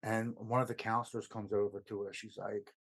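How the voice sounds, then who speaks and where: Low-voiced man telling a personal story. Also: little pitch movement, fairly quick, a bit bright. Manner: retells events with much quoted dialogue. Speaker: podcast guest. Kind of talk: casual storytelling.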